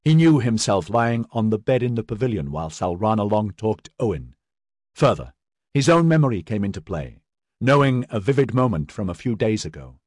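A man narrating a fantasy audiobook in an expressive, dramatic reading. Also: mid-range voice, no room sound, clean studio sound. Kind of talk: scripted narration.

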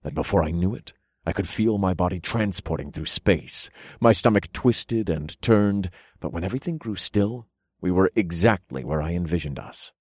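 A man narrating first-person fiction in a low, steady storytelling voice, close to the mic. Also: normal speed, breathy edge, no room sound. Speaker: audiobook narrator.

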